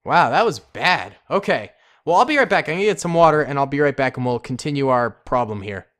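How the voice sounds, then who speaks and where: A man giving casual, excitable, slangy commentary while playing a strategy game, talking to himself and his viewers. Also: a little high, fairly quick. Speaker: gaming commentator. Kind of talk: casual let's-play commentary.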